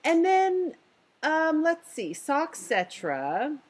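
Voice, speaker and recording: A woman co-hosting a casual podcast chat, talking in a chatty, animated way with lots of fillers. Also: high-pitched, extremely slow. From San Diego, US. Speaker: podcast co-host.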